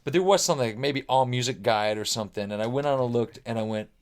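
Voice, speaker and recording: A man's voice: medium pitch, fast. A man guesting on a podcast, telling anecdotes casually, acting out what people said and swearing now and then. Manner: animated, acts out quoted remarks, frequent "like" fillers, swears casually. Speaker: guest musician. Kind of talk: casual storytelling.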